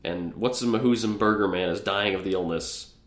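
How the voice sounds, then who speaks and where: A man's voice: deep voice, normal speed, fairly bright tone, echoey room. A man co-hosting a podcast, rambling through a plot recap in casual chat. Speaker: podcast co-host.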